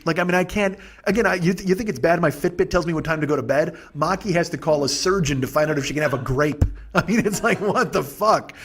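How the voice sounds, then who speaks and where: A man's voice: a little high, fast, slightly rough. A man hosting a podcast, telling a rambling, profane comic story with lots of stammering restarts. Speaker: podcast host.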